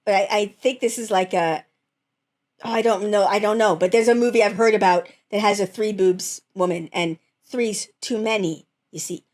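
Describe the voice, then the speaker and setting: A woman's voice: medium pitch, fairly even intonation, normal speed, a little mellow. A woman hosting a casual reaction chat about fan memes, talking animatedly and often breaking into laughter. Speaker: host reviewing fan memes.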